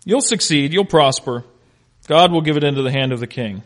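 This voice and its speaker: A man's voice: fairly high pitch, expressive, fairly quick, lightly acted. A man voicing an ancient prophet who gives a falsely cheerful, sarcastic prediction. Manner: sarcastic, mock-enthusiastic.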